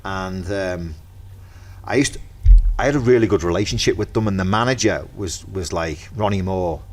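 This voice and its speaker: A middle-aged man with a Merseyside accent, a podcast guest in casual chat, telling lively anecdotes and acting out the dialogue. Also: low-pitched, normal speed. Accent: Merseyside English. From Merseyside, England.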